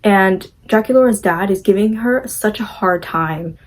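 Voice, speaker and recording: A woman's voice: mid-range voice, normal speed, rough recording. A young woman casually recapping a movie, chatty and gushing, acting out the characters' lines as she goes.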